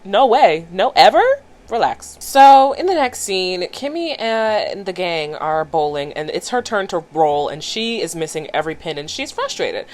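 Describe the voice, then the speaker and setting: A woman's voice: lowish voice, sing-song, moderate pace, few pauses, darkish tone. A woman vlogger casually recapping a cartoon episode with chatty, playful commentary.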